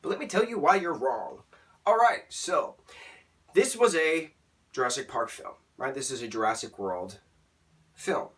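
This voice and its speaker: A young man in his vlog, his voice leaping up and down as he rants with animated exasperation. He sits a little far from the microphone, so he sounds slightly distant. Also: mid-range voice, unhurried, pauses often. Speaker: movie reviewer. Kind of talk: ranting vlog review.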